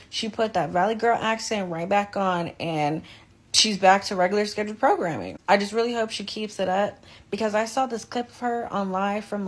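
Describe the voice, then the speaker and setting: Chatty sarcastic woman. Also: medium pitch. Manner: chatty, sarcastic, says "babe". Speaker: social media commentator. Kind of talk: casual commentary vlog.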